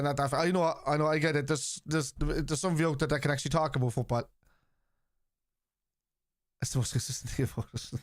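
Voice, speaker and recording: A Scouse man hosts a live football watchalong stream, reacting to the match, bluntly arguing with viewers in the chat, swearing freely and yelling players' names. His voice is mid-range, and the recording is dry and studio quality.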